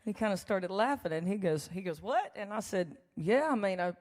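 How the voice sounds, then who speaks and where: This woman's medium-pitched, darkish voice is expressive and brisk as she tells a chatty, joking tale between songs. A songwriter playing live in a large church hall, she laughs and tosses folksy asides to the audience amid the hall's long reverb.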